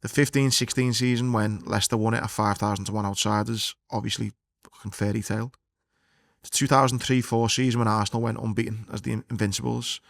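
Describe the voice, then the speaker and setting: A man co-hosting a podcast, chatting casually about football in a blunt, sweary, animated way. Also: fairly low pitch, quick pace, creaky, no echo, studio quality. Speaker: podcast co-host.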